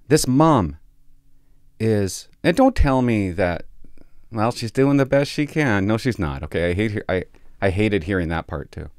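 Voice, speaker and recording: A man's voice: on the low side, darkish tone, no echo, studio quality. A man doing a crude, sardonic stand-up set about police work, swearing freely. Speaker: stand-up comedian and police officer.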